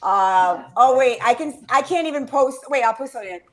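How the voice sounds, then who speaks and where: Woman podcast host, casual rambler, fairly high-pitched, curses often, wears her heart on her sleeve. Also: animated, moderate pace. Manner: chatty, swears freely, gets emotional telling stories. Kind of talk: casual chat.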